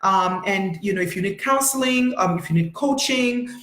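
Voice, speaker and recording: A woman's voice: medium pitch, moderate pace, fairly bright tone. A middle-aged woman therapist hosting a live-streamed motivational talk, speaking emphatically and repeating herself as she addresses viewers directly. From United States. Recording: echoey room.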